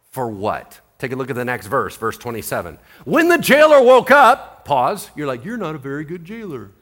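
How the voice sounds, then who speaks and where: A male pastor preaching a sermon in an animated, conversational way, full of rhetorical questions. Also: medium pitch, breathy edge.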